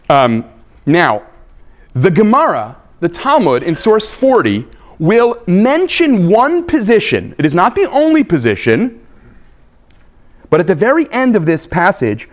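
A man, a rabbi giving a live lecture, emphatic and animated, checking in with his listeners with frequent "right?" and "okay?". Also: high-pitched.

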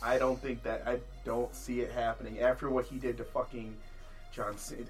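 A man hosting a casual podcast chat, swearing freely and laughing as he tells animated stories. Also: mid-range voice, a little fast, soft background music. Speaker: podcast host.

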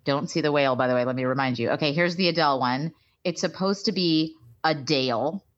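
Co-host type: chatty, jokey woman with a slightly low voice, muffled lo-fi recording. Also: brisk. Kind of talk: casual chat. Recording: dull lo-fi sound.

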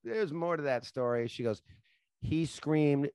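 Profane animated man telling stories. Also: fairly high pitch, drawn-out words, pauses often, smooth, dry recording. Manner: profane, animated storyteller, laughs at his own stories. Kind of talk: casual storytelling chat.

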